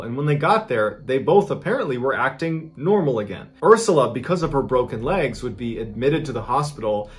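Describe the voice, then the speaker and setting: Guy in his 30s telling a dark true story, dramatic, leans hard on the big moments. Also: medium pitch. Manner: dramatic, building tension with sudden emphasis. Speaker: storyteller host.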